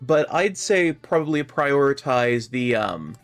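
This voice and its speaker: A man's voice: mid-range voice, lively intonation, measured pace, soft background music. A man joining a friend's game stream as a co-op player, easygoing and casually swearing, calling his partner bud. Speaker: guest co-op player. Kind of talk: casual gameplay chat.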